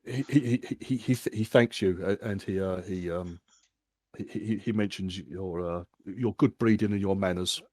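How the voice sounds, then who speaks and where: A man's voice: low voice, moderate pace, mellow, no echo. A man narrating as game master, stumbling and repeating words as he describes scenes. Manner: stammering, repeats words often.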